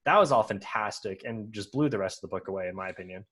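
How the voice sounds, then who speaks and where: A man's voice: fairly low pitch, lively intonation, fast, fairly bright tone, husky. A man co-hosting a podcast, talking through a book review in a casual, thoughtful way, explaining his points at length. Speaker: podcast co-host.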